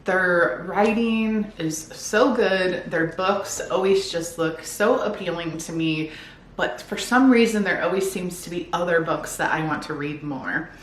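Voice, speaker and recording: A woman's voice: lowish voice, a little slow. Chatty woman in an echoey room. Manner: chatty, upbeat, reads back-cover blurbs aloud. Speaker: book vlogger. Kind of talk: casual book haul chat. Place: home room with bookshelves. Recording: echoey room, faint background noise.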